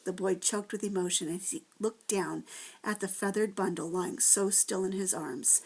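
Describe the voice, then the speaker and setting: A woman teacher reading a chapter book aloud to first graders, with gentle, expressive storytelling. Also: mid-range voice, moderate pace, creaky, breathy edge.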